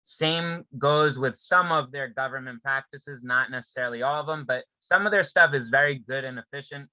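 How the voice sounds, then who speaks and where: A man's voice: medium pitch, normal speed, bright, forceful tone, no echo, dull audio. A man co-hosting a podcast, talking casually and loosely with fillers, asking pointed questions. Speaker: podcast co-host. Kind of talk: casual chat.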